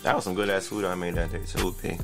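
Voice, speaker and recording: Gravelly dude on a podcast, chill jokey asides, music playing behind. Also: male voice, low voice, level tone, fast. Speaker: podcast guest. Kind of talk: casual chat.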